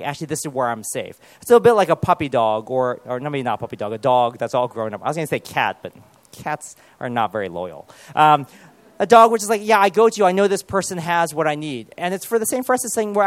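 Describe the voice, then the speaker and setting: A man preaching in a relaxed, conversational way, with a slightly higher voice than most men. He breaks into self-deprecating humor and then drops to soft, quiet prayers. The sound is dry and close. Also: dry recording. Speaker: pastor. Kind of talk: sermon.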